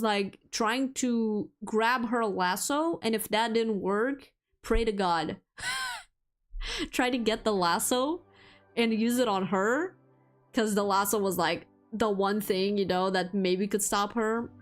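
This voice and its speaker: A woman with a fairly high voice hosting a relaxed chat stream, talking at an unhurried, drawn-out pace. She giggles between thoughts and peppers her sentences with "like". Faint music plays softly behind her. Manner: giggly, chatty, heavy use of "like". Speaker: VTuber streamer.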